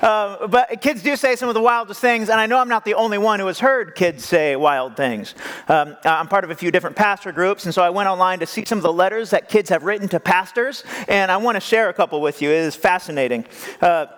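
A man's voice: sits high, fast, a bit bright. A male pastor preaching in a joking, conversational way, with self-deprecating asides. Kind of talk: humorous sermon storytelling. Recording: long hall reverb.

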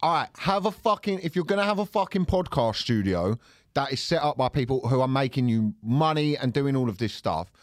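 A man co-hosting a podcast in a studio, ranting with plenty of swearing. His pitch jumps up and down a lot, and the close mic sounds dry and near. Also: fairly quick, no echo. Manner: ranting, swearing, animated storytelling. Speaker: podcast co-host. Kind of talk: casual podcast chat.

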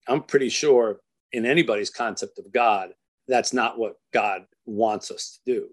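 A man as an interview guest, telling a story in an earnest, measured way and slowing down for emphasis. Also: medium pitch. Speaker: author and guest.

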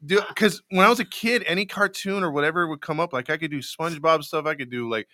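A man's voice: fairly high pitch, fast talker, bright, forceful tone, dry recording. A man co-hosting a live podcast show, chatting casually and telling stories with frequent laughs and repeated words. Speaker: podcast co-host.

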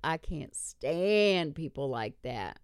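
A woman's voice: low-pitched, sing-song, slow, clean tone, dry recording. A woman hosting a podcast, ranting bluntly and swearing in casual chat. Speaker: podcast host.

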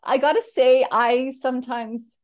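A woman's voice: high-pitched, steady tone, a little slow, a little mellow. A woman hosting a spiritual podcast, talking things through in a reflective, casual way. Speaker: podcast host. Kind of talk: casual conversation.

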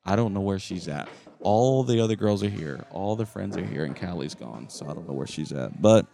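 A middle-aged man co-hosts a podcast from a campground, chatting casually and rambling about what he sees around him indoors in a noisy shared space. His voice sits low and creaky with a dark tone, and he speaks briskly with lively intonation.

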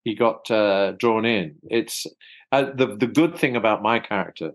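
An older man from South London with a fairly low voice talks over a video call. He stops and repeats words as he thinks, chuckling often, in a relaxed interview chat. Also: measured pace, poor audio. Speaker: actor guest.

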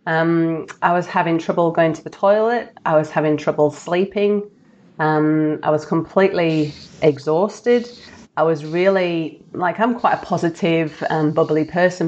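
Chatty woman with a low voice. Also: unhurried, darkish tone, lo-fi sound. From Australia. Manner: chatty and candid, many fillers. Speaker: podcast guest. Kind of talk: casual interview chat.

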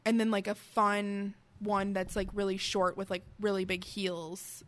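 A woman's voice: medium pitch, level tone, measured pace. A woman co-hosting a podcast in casual chat, rambling and filling nearly every phrase with "like". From American Midwest. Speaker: podcast co-host.

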